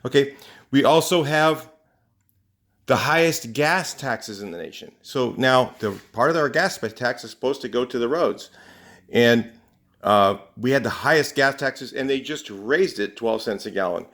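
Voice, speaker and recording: A man's voice: mid-range voice, lively intonation, unhurried, fairly bright tone. A man from California talking in a casual, rambling rant to camera, indignant, with lots of fillers and restarts. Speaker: vlogger. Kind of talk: casual ranting monologue to camera.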